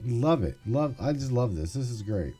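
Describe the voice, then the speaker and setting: A man's voice: mid-range voice, very animated, normal speed, warm tone, husky, faint music behind. A man hosting a casual call-in stream, rambling, swearing, and getting exasperated with tech trouble. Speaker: podcast host.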